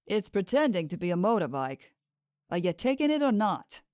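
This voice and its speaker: A woman's voice: medium pitch, very animated, moderate pace, darkish tone, no room sound, studio quality, close to an everyday voice. A woman reading the part of a practical, impatient man in an audiobook, in a matter-of-fact way.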